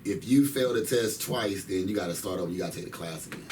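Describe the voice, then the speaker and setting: Guest: man, thirties, very low voice, emphatic slangy storyteller, heard from a distance with faint background noise. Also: fast talker, darkish tone. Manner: emphatic, slangy, repeats phrases. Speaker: interview guest. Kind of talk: casual storytelling.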